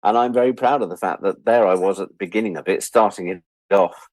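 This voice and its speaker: A middle-aged man telling stories as a guest in a casual interview, animated and acting out the voices of the people he quotes. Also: lowish voice, quick pace, no room sound.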